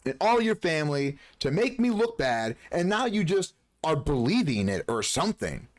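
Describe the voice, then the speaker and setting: A man live-streams a game, chatting casually and ranting heatedly with plenty of swearing, now and then mocking others in a shrill voice. He's very animated and speaks at a normal speed.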